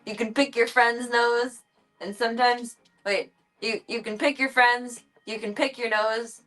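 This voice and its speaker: A woman's voice: on the high side, steady tone, a little slow, a bit bright, soft background music, rough recording. A woman livestreaming from home, chatting casually and cooing playfully at her cats in baby talk.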